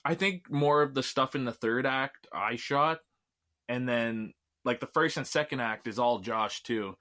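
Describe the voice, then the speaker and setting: A man from Canada talks as a guest in a relaxed podcast interview, his voice sitting at an ordinary middle pitch. He chats loosely and laughs often between remarks. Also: unhurried. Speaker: filmmaker guest.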